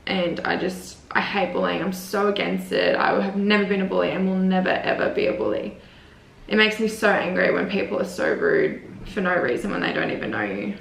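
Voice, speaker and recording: Chatty Australian woman with vocal fry. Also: mid-range voice, expressive, a little fast. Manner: chatty, heavy use of "like" fillers. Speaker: vlogger. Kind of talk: casual chat answering viewer assumptions. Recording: roomy echo.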